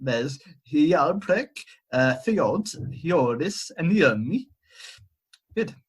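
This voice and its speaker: A husky man retells an old legend on a video-call podcast, with a voice pitched a touch high. He rambles, hesitates and jokes at his own expense as he goes. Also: very animated, takes it slowly. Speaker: podcast co-host retelling a myth. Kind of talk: casual storytelling chat. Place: home, remote call.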